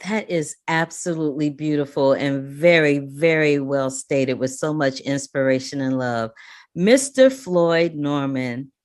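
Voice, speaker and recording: Female podcast host with a very low voice, effusive and expressive in delivery. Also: measured pace. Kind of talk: interview and podcast outro.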